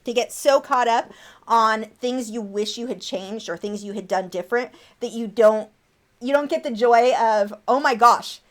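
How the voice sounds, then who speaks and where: Chatty woman hosting an art livestream. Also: normal speed. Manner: chatty, coos high at her pet bird. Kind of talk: casual livestream chat.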